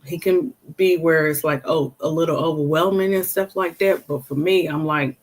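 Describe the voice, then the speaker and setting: A woman's voice: low voice, steady tone, normal speed. A woman talking casually and earnestly about raising her autistic son, rambling with many fillers like "you know" and "or whatever". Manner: earnest and emphatic. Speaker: parent of an autistic child. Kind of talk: casual personal talk.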